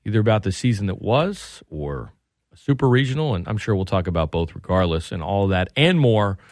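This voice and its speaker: A man's voice: lowish voice, big pitch swings, fairly quick, a little mellow, no room sound, studio quality. A man hosting a sports radio talk show, chatting loosely and reading plugs and promos for upcoming shows. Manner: conversational, reads station plugs and promos.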